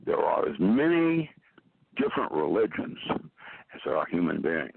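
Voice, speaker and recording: Older man explaining over a gravelly phone line. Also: sits low, sing-song, moderate pace. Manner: lecturing, explains with metaphors. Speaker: guest. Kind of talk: explanatory interview talk.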